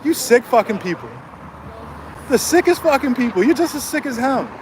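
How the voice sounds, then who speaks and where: A man's voice: extremely high pitch, very animated, normal speed, a little mellow, a little hiss or hum. A man ranting angrily on a livestream from a city street, swearing and taunting a rival, recorded on a cell phone. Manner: angry, profane, taunting.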